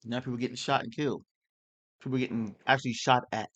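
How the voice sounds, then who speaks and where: A man's voice: mid-range voice, fairly even intonation, fast, fairly bright tone, slight background noise. Man ranting with heated rhetorical questions. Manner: rambling and heated, uses rhetorical questions and slang. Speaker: online commentator. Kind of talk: political rant.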